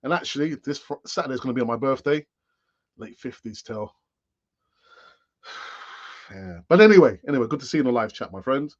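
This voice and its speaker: A man's voice: medium pitch, animated, a little fast, long pauses, dull audio. A man in his late fifties hosting a live-stream fan show, rambling in a chatty way with many fillers and restarts. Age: late 50s. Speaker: football fan channel host. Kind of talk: live-stream chat commentary.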